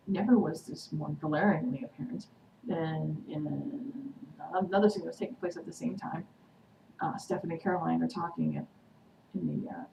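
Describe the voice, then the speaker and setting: A woman vlogger chatting through a TV episode recap, excitedly acting out the characters' quotes. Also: on the low side, gravelly. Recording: echoey room, distant mic, noisy.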